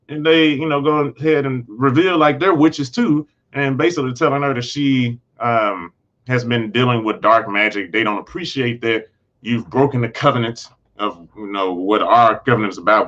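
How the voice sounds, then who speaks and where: A man's voice: mid-range voice, steady tone, moderate pace, fairly bright tone. Male host for a loose, chatty show recap, mid-range voice, restarts often, slightly muffled recording. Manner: rambling, frequent restarts and self-corrections. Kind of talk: casual TV episode recap.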